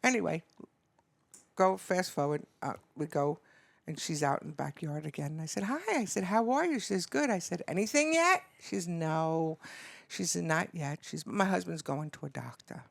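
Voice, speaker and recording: An older woman, a grandmother, chatting as a podcast guest and telling stories with lively acted-out dialogue. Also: sits low, normal speed, creaky, no echo. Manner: animated storyteller acting out both sides of conversations. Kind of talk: casual chat and storytelling.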